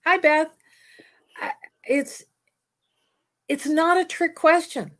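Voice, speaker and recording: A woman hosting a casual conversation, telling a story in a blunt, exasperated, animated way. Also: sits high, slow pace.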